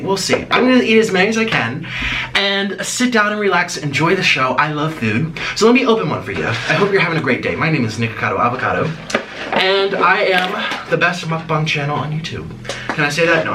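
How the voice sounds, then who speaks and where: A man hosting a mukbang eating-show vlog, playful and rambling, chatting to viewers and cooing at his pet bird. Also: fairly high pitch. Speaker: mukbang vlogger. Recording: distant mic with clear background noise.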